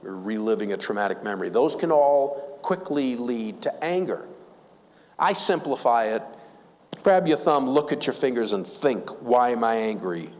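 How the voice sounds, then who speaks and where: A man's voice: medium pitch, expressive, normal speed, darkish tone. A man preaching a sermon, telling a story and asking the congregation questions. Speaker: pastor. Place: church. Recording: long church reverb.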